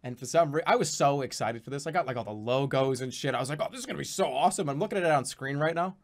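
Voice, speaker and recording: A man streaming casually, rambling and swearing with animated, jokey delivery. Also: medium pitch, fast. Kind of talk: casual livestream commentary.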